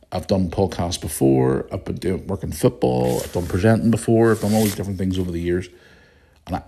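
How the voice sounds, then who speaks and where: A man's voice: deep voice, mellow. A middle-aged man with a Northern Irish accent, hosting a casual solo podcast, chatty and blunt, swearing freely. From Northern Ireland. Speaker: podcast host.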